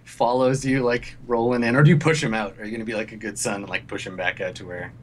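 A man's voice: fairly low pitch, fairly even intonation, fast. A man narrating as game master of a tabletop game, in a rambling, casual way full of fillers.

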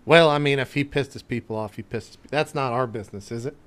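A man playing a tabletop game in character, with halting speech full of restarts. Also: medium pitch, fairly bright tone. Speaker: player. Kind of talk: in-character role-play.

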